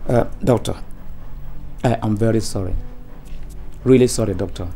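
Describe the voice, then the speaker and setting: A middle-aged man playing a harried husband and father who shouts at his wife and apologizes humbly. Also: on the low side, moderate pace, faint music behind, lightly acted. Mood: apologetic. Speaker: father of the pregnant daughter. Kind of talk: Nollywood film acting.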